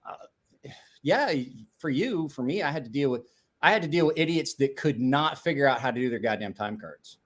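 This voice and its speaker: A man's voice: mid-range voice, lively intonation, moderate pace, a bit bright. A man in his forties, a podcast host telling stories in casual chat, rambling and profane, with restarts.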